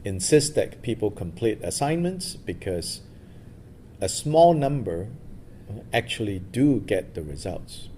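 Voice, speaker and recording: A man's voice: lowish voice, very animated, measured pace, warm tone, a little hiss or hum. A man giving a loose, storytelling dharma talk as a meditation teacher at a retreat. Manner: loose, storytelling, many fillers.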